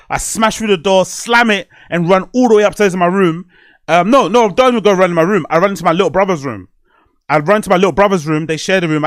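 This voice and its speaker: A man's voice: high-pitched, fairly bright tone, no echo, studio quality. A man hosting a podcast, telling a personal story in a rambling, candid way, swearing often. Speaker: podcast host. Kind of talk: casual podcast monologue.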